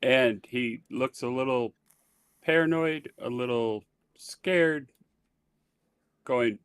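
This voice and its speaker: A man playing a tabletop game over voice chat, describing his character haltingly. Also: medium pitch, a bit bright, clean tone, dry recording, studio quality. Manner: hesitant, halting. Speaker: player.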